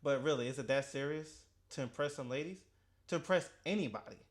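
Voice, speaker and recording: A man's voice: mid-range voice, quick pace. Chatty man reacting, tripping over his words. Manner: animated, talks back at the video, stumbles and restarts. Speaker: reaction video host. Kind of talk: casual reaction commentary.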